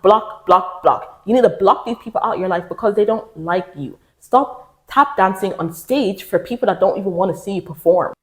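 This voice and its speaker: A woman's voice: mid-range voice, a little mellow. A young woman talking candidly to camera, giving self-help advice in a casual, emphatic way, acting out other people's lines as she goes.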